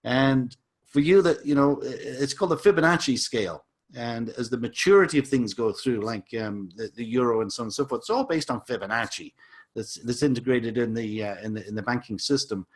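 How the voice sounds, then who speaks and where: A man's voice: mid-range voice, brisk. A man teaching a crypto lesson over a chart, enthusiastic and salesy, with frequent repeated words and asides. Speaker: crypto educator.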